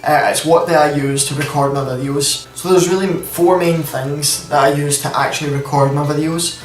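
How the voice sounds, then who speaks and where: A Scottish man in his twenties who hosts a YouTube gaming channel rambles chattily through a Q&A vlog at home at night, using lots of fillers. His voice is on the high side, steady in tone and moderate in pace. A camera on a tripod picks him up from a distance in an echoey room, and the recording is rough.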